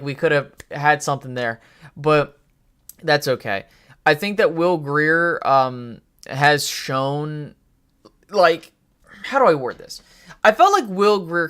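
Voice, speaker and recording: A man's voice: medium pitch, a bit bright, clean tone. Opinionated man hosting a live sports stream. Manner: opinionated, rambling with fillers and restarts; swears casually. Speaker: podcast host.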